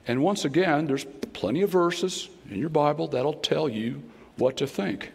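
A man's voice: fairly high pitch, a little slow, gravelly, a little mellow, slightly rough. A man with a Southern accent giving a folksy, conversational sermon as a guest speaker in an auditorium. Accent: American Southern. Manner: folksy, conversational preaching with playful voices. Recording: long hall reverb.

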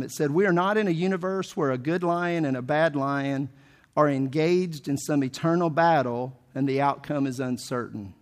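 Emphatic preacher man with a high voice. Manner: emphatic preacher, asks the congregation questions. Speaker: pastor. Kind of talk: sermon.

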